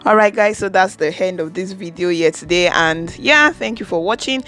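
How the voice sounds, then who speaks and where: A woman's voice: on the low side, normal speed, faint music behind. A woman recapping an episode in a casual reaction video, talking straight to her viewers and acting out the characters' lines as she goes. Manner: chatty, keeps addressing the viewers as guys; retells scenes with lively quoted dialogue. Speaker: video reviewer.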